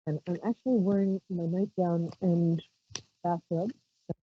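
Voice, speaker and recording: A woman's voice: lowish voice, normal speed, long pauses, husky, dry recording, dull audio. Bubbly, rambling woman psychic host. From Brooklyn, New York. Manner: bubbly, rambling, self-mocking with squeals of delight. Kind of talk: chatty live call-in show. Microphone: handheld mic held out.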